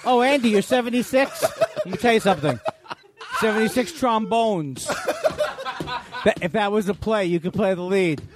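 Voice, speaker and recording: A man in his sixties, a comedian guest, riffing fast and manically, bursting into shouts. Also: sits high, big pitch swings, heavy background noise. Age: 60s.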